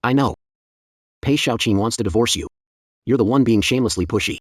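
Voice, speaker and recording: A man's voice: medium pitch, a little fast, no echo, lightly acted. Sarcastic greedy brother-in-law played by a man, dry studio sound. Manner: sneering and sarcastic. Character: scheming young brother-in-law, sneering and greedy. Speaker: scheming brother-in-law in a drama. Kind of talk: dubbed drama acting.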